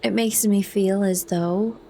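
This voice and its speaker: A woman voicing a brooding, bitter young man in a soft, meditative manner, as whispered role-play. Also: medium pitch, fairly even intonation, slow pace, slight background noise.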